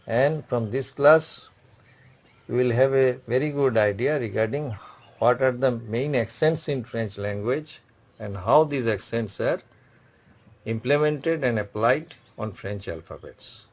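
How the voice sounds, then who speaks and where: A man's voice: mid-range voice, a little mellow. A man runs an online French class. He explains step by step, repeating each point. His voice sits mid-range. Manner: slow, repetitive explaining with frequent "okay" check-ins. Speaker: French teacher. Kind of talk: online language lesson.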